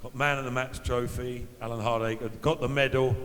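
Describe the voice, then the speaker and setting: A man's voice: mid-range voice, level tone, normal speed, fairly bright tone, long reverb tail, a little hiss or hum, rough recording. A man in his fifties, a former footballer, telling chatty anecdotes at an evening event and acting out the voices of the people in them. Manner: chatty anecdotal storyteller, acts out quoted voices. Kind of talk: after-dinner storytelling.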